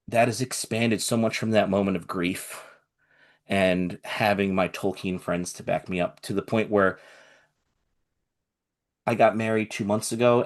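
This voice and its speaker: A man giving an emotional personal testimony, earnest, growing quieter and softer as if holding back tears. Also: on the low side.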